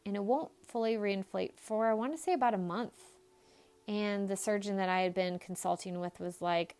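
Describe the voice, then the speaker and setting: Smooth-voiced woman, candid and blunt. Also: mid-range voice, moderate pace, darkish tone. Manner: candid and emphatic, with blunt swearing. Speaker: psychologist podcast host. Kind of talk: casual podcast storytelling.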